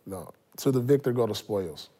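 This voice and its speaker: A man in his forties co-hosting a casual sports talk show, animated and teasing, repeating himself for emphasis. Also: lowish voice, moderate pace. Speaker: podcast co-host.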